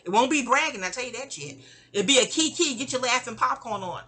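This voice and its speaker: A woman tells a story from her life in a casual, profane monologue. Her voice is bright and clear, and she jumps high and low when she acts out what people said. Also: a little fast, faint music behind. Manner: animated, acts out quotes with big pitch jumps; profane, conversational asides. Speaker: audio diary storyteller.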